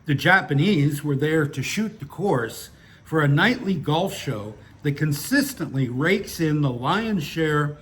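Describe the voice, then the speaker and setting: A man's voice: a little high, a bit bright. A man reading his own stories aloud and chatting between them, with dry, wry humor and a grumbling edge. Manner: opinionated grumbling. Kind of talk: casual monologue and story reading.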